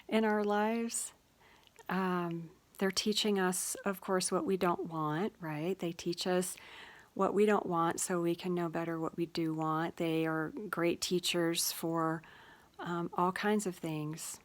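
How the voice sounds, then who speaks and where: Woman, reflective spiritual talk, gentle and musing, slightly low-pitched, unhurried with fillers. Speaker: channel host.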